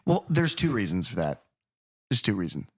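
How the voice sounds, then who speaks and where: A man co-hosting a podcast, chatting casually and animatedly about a horror film, swearing freely and slipping into quick impressions. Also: fairly low pitch, slightly rough. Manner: animated, swearing, mimics characters. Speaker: podcast co-host.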